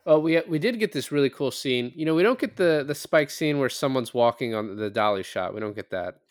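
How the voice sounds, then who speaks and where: A man's voice: mid-range voice, expressive, a little fast, dry recording. A man co-hosting a podcast, chatting casually through a film review with dry, sarcastic humor. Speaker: podcast co-host.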